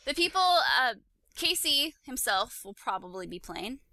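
Young woman podcast co-host, bright and crisp, chatty with a dry close sound. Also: fairly high pitch, very animated, a little slow, no echo. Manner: chatty, laughs easily, swears casually. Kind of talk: casual podcast chat, reading listener mail.

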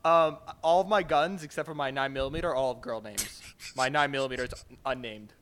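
A man's voice: mid-range voice, fairly quick, a bit bright. An earnest, eager man chatting casually as a guest on a podcast. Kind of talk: casual chat.

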